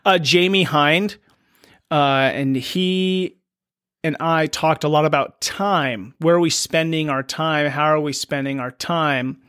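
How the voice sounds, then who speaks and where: A man's voice: on the high side, takes it slowly, fairly bright tone, clean tone, no room sound, clean studio sound. A middle-aged man hosting a solo podcast, thinking aloud in an earnest, questioning way. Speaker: podcast host. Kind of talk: reflective solo podcast monologue.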